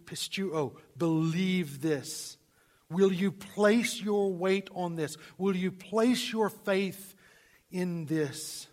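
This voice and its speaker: A male pastor preaching a sermon, swinging from loud emphasis to hushed, near-whispered lines. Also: sits high.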